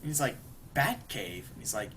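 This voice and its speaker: A man's voice: mid-range voice, a little fast. Man, young adult, podcast co-host, rambling recap, acted-out quotes, faint background noise. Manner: rambling, acts out quoted lines with animated bursts. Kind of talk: casual chat, retelling an episode.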